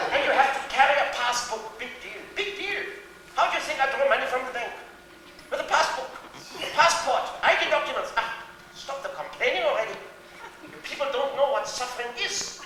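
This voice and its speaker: A man performs a scheming elderly refugee landlord with a Yiddish-inflected accent, brash, sardonic and full of profane asides. The voice sits very high and cuts through with a piercing, bright edge. It is heard from a distance on an echoey theatre stage. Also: animated, normal speed, slight background noise, full character voice. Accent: Yiddish-inflected English. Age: older. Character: elderly male European-born refugee landlord, cynical and scheming. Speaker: stage character in a monologue. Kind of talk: theatre monologue. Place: theatre stage before a laughing audience.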